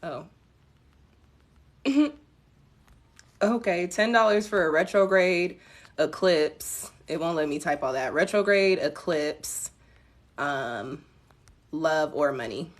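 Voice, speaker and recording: A woman tarot reader chatting casually with viewers on a home live stream, relaxed and self-mocking. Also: deep voice, slow pace, pauses often. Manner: relaxed, chatty, laughs at herself, addresses viewers as y'all.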